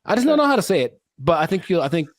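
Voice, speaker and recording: A man co-hosting a casual podcast, rambling and animated with frequent laughter. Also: high-pitched, very fast, no room sound, studio quality. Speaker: podcast co-host.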